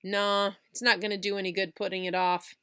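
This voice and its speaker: A woman voicing a boy who is a sore loser, shouting and then sulking. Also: medium pitch, level tone, fairly quick, clear, resonant tone, no echo, studio quality, lightly acted. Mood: dejected.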